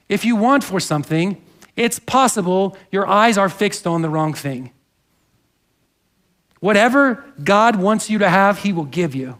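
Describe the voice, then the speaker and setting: Pastor, male, high-pitched; earnest conversational sermon with congregation asides. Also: lively intonation, normal speed, fairly bright tone. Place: church sanctuary.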